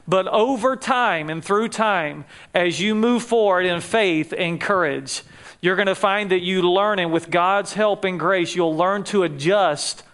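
A man's voice: sits high, a bit bright. A middle-aged man, a grief counselor, preaching a sermon to a live audience in a conversational way, asking them questions and joking lightly.

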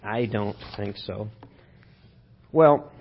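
A man's voice: fairly low pitch, drawn-out words, creaky, dull audio. A man preaching a sermon in a church sanctuary, talking conversationally and putting questions to the congregation. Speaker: pastor.

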